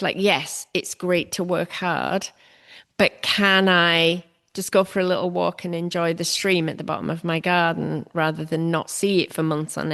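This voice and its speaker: Woman, artist guest, gravelly low voice, reflective, candid, self-deprecating. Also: fairly bright tone. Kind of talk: candid conversational interview.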